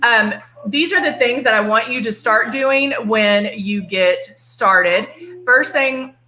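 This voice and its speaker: Slow and a little high, her voice comes across pushed and bright, carrying a Texan accent. The middle-aged makeup artist from Texas is playfully chatty during a casual live tutorial, calling out viewers by name, and the room has an echo.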